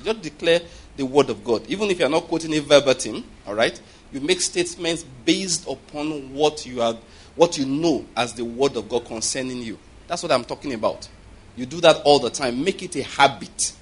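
A man's voice: mid-range voice, slightly rough. A man preaching a sermon in a chatty, conversational way, often checking whether the congregation understands and chuckling between points.

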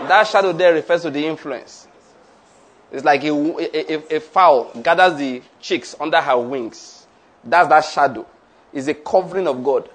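A man preaches in a high, ringing voice. He leads the congregation line by line through declarations and stresses each phrase. His voice sits well above the usual male range. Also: normal speed, some chatter behind, slight background noise. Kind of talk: sermon with call-and-response.

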